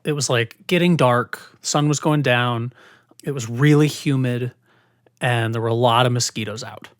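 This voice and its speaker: A woman's voice: a bass voice, normal speed, no room sound, clean studio sound. A woman guest frankly retelling a personal story in casual podcast chat, with many fillers. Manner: frank, animated retelling with lots of "like".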